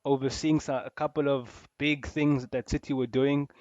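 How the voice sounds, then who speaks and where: A man co-hosting a casual football podcast, animated, laughing often and repeating himself. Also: mid-range voice, normal speed, dry recording, muffled recording. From South Africa. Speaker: podcast co-host.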